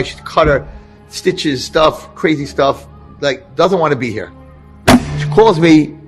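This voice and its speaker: A rabbi telling a story to an audience, animated and acting out the lines of the people in it. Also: male voice, fairly high pitch, measured pace, music in the background. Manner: animated, acts out dialogue. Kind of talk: storytelling talk.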